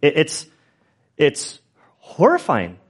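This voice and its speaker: A man's voice: on the high side, huge pitch swings, slow, slightly rough. Chatty man preaching a casual sermon. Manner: chatty and self-deprecating, frequent restarts and asides. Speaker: pastor. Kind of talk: conversational Bible teaching with stories.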